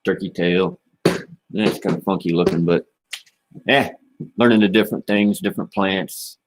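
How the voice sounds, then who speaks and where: A man with a lowish voice chats casually to viewers on a livestream. He rambles in a relaxed, easygoing way, dropping "man" and "you know" often. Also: normal speed, a little hiss or hum. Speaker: livestream host.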